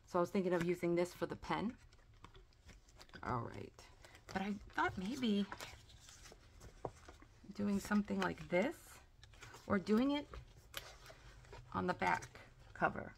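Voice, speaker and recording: Gushing woman with a gravelly edge. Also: on the low side, slight background noise. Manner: chatty and gushing, with frequent "like" and "oh". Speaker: planner and sticker vlogger. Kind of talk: casual unboxing haul chat.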